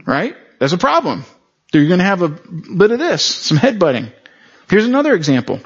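Man, pastor, conversational sermon, fairly high voice, dull lo-fi recording. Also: sing-song, normal speed, slightly rough. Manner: frequent rhetorical check-ins with the audience.

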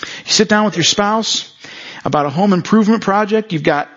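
A man's voice: high voice, normal speed, fairly bright tone. A man preaching a conversational sermon, who often checks in with the congregation through rhetorical questions. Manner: frequent rhetorical check-ins with the audience. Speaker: pastor. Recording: dull lo-fi recording.

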